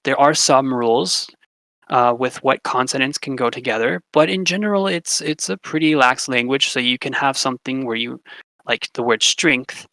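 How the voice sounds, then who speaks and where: A young man explaining phonetics in a casual classroom style, relaxed, with fillers, slowing down to repeat example words. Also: medium pitch, creaky, dry recording, rough recording. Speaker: language teacher.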